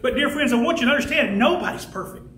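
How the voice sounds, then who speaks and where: A man preaching a fervent sermon as pastor, building to shouts and slowing down to stress key words. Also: very high-pitched, lively intonation, slight background noise. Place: church sanctuary. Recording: echoey church room with faint ambience.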